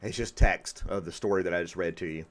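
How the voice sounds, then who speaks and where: A man's voice: low-pitched, fast. A man hosting a podcast in casual chat, often breaking into laughter. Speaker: podcast host.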